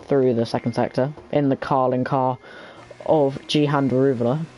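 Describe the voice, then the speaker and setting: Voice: medium pitch, fairly even intonation, moderate pace, a little mellow, low-quality recording. A commentator giving lap-by-lap updates on a sim racing session in a casual, chatty way. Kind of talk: live race commentary.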